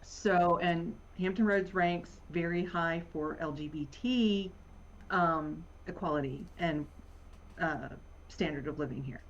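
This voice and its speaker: A woman with a Virginia accent, a guest in a casual talk, rambling with many pauses and fillers and laughing often. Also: lowish voice. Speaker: podcast guest. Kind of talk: casual conversation. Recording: muffled lo-fi audio.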